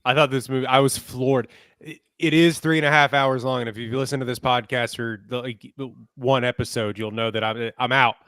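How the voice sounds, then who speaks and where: A podcast co-host in casual film review chat, agreeable and joking in a relaxed way. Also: male voice, medium pitch, a little fast, smooth, dry recording, studio quality.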